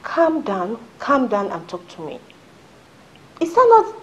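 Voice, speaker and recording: A woman's voice: mid-range voice, big pitch swings, a little slow, rough recording. An actress playing a caring young woman who reassures her distraught friend in a film drama. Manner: soothing, urgent, reassuring.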